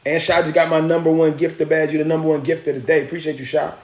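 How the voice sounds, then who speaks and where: A man's voice: fairly high pitch, level tone, fast, heavy background noise. A man hosting a live stream, telling a story in loose slang and breaking off to greet and thank viewers. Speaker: livestream host. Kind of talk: casual storytelling with viewer shout-outs. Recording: roomy echo.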